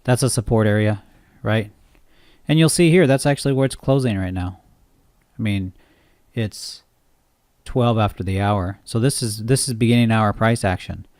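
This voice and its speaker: Rambling low-voiced man explaining charts. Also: moderate pace, darkish tone, no echo, clean studio sound. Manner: rambling, self-interrupting, asks listeners "right?". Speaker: trading coach. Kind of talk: unscripted screen-share tutorial.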